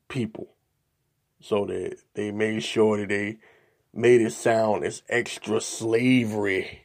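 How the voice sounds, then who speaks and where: A man with a low, gravelly voice delivers political commentary on his podcast. He reads news reports aloud at an unhurried pace and keeps stopping for his own asides. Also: a little mellow. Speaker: podcast host.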